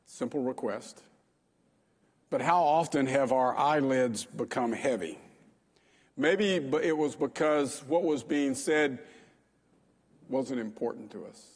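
A man's voice: mid-range voice, takes it slowly, pauses often, husky, big-room sound. A man preaching a sermon as pastor, talking in a conversational way with frequent fillers.

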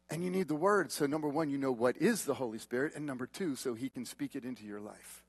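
A man preaching a sermon as pastor, swinging from loud emphatic peaks to hushed, quiet tones. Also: a little high, fairly quick, slightly rough, dry recording.

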